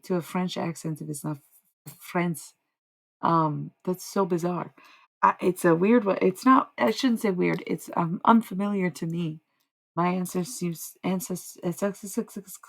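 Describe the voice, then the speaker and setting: A woman's voice: deep voice, vocal fry, low-quality recording. A woman streaming live as a self-described medium, musing in a meandering way and often stopping to correct herself. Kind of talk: rambling livestream monologue.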